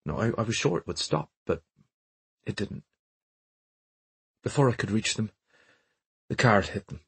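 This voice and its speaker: A man's voice: on the low side, very animated, moderate pace, creaky, a bit bright, slightly rough, dry recording, exaggerated voice. A man voicing a serious Irish nanny in her thirties, telling her story earnestly. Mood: recounting.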